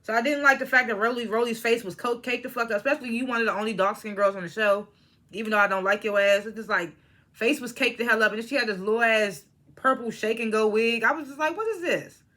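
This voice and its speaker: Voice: mid-range voice, steady tone, quick pace, pushed and bright. A young adult reality TV reviewer in casual vlog commentary, talking bluntly and profanely with rambling asides.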